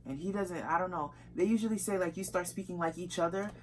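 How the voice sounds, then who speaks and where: Animated young woman chatting casually. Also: fairly low pitch, fast talker, noisy background. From United States. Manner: animated, emphatic, laughs often. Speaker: vlogger. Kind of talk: casual couple chat.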